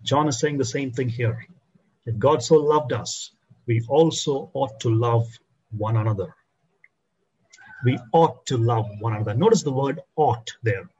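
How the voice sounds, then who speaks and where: A man preaching a sermon as a pastor, slowing and dropping his voice low to stress key phrases. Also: darkish tone, husky, muffled recording.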